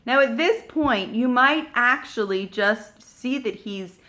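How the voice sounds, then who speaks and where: A woman with a fairly high voice coaches parents in a relaxed, chatty way. She acts out little exchanges as she goes and fills her talk with "like" and "you know.". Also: takes it slowly. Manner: animated, acts out little dialogues, many fillers. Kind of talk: casual advice talk to camera.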